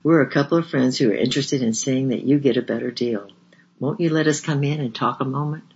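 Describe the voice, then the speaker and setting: A man playing a merry young woman missionary worker with a soft Southern US drawl, coaxing and gentle, in a slightly dull lo-fi recording. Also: medium pitch, a little fast, slight background noise, lightly acted.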